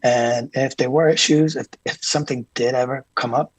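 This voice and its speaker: A man being interviewed as a guest, a tour manager telling calm, earnest stories with frequent restarts. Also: medium pitch, normal speed, husky, no room sound, low-quality recording. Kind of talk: casual interview chat.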